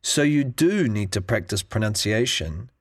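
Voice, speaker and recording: A man reading a scripted English listening lesson in a clear, measured way. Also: lowish voice, lively intonation, dry recording, clean studio sound. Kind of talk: scripted narration.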